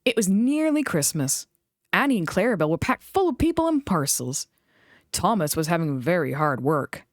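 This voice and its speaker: A woman reading a children's book aloud in an expressive storytelling voice. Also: lowish voice, normal speed, no echo, studio quality. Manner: expressive, animated read-aloud.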